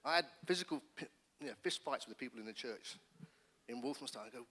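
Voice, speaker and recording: A middle-aged man, a pastor, giving his testimony in church with earnest, animated storytelling. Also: mid-range voice, fast talker, breathy edge. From England. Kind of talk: personal testimony sermon. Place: church hall. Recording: long church hall reverb.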